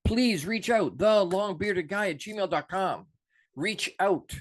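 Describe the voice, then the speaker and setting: A middle-aged man delivering an off-the-cuff motivational talk with fervent passion. His voice sits a touch high for a man, and he drops quiet and low for reflection, then surges up to push a point hard. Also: takes it slowly. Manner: passionate, preachy, swings from soft to emphatic. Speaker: motivational show host.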